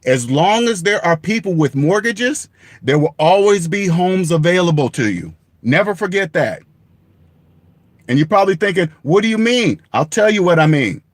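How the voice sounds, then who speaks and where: A man's voice: high-pitched, very animated, normal speed, no room sound. A man giving blunt money advice straight to the camera in an emphatic, repetitive rant, swearing for emphasis and laughing at himself. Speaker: personal finance vlogger.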